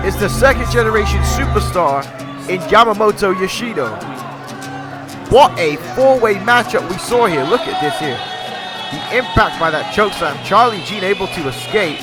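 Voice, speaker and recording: A man giving excited play-by-play commentary on a video game wrestling match, shouting at the big moves and talking to the folks watching. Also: high-pitched, normal speed. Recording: loud game music and crowd noise behind. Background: video game wrestling crowd and music.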